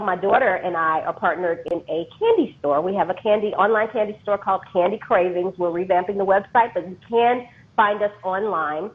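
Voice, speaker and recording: Laughing woman on a tinny phone line. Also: fairly low pitch. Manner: laughs often, animated and teasing. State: going through menopause. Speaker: co-host, life coach. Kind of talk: casual live-stream chat.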